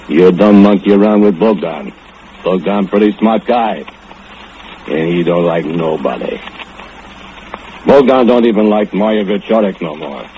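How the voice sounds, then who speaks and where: An actor playing a brooding, drunken foundry laborer, speaking broken English in a low murmur, in 1940s radio acting. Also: male voice, a little hiss or hum, heavily acted. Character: brooding drunken foundry laborer who killed his rival. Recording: dull old radio recording with loud music.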